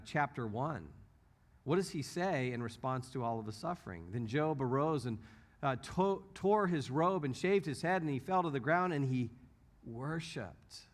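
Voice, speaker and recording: Animated man giving a church teaching talk. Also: medium pitch. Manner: animated storytelling, acts out quotes. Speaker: apologetics speaker.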